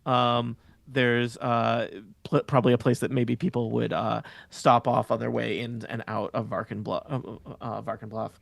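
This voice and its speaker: Guy dm narrating the scene, kinda gravelly, rambly with lots of fillers. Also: mid-range voice, little pitch movement, normal speed, dry recording. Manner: rambling, many filler words. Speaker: dungeon master. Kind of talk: narrating a tabletop game.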